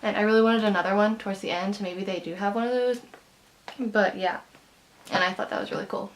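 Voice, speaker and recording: A young woman talking casually to camera about a book she loved, gushing and excitable, with lots of fillers and quick runs of words. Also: mid-range voice, a little hiss or hum. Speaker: book vlogger. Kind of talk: casual book review vlog.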